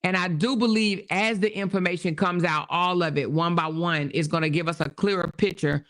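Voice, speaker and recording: A woman's voice: on the low side, fairly even intonation, moderate pace, a bit bright. Woman, host, casual commentary, conversational, repeats points, checks in with viewers. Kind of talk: casual commentary on a news story.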